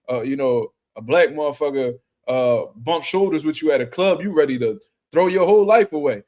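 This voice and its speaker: On a casual boxing talk stream, the host reads chat aloud and riffs in profane street slang, throwing in mocking impressions. His voice is mid-range with a darkish tone.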